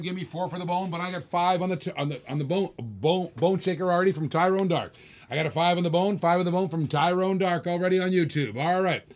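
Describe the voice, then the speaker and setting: A man hosting a live online auction, chanting bids in a hyped, repetitive patter and calling viewers baby. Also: on the high side. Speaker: live stream auction host.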